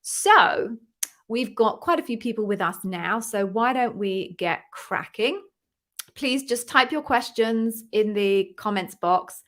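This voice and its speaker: A woman's voice: a little high, lively intonation, takes it slowly, fairly bright tone. A woman coaching viewers in a chatty live-stream Q&A, upbeat and encouraging. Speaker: interview coach hosting a live Q&A.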